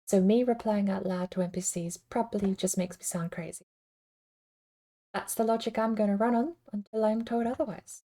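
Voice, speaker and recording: A woman's voice: mid-range voice, warm tone. A woman streaming a game, talking casually and thinking aloud in a rambling, self-deprecating way. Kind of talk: casual livestream commentary.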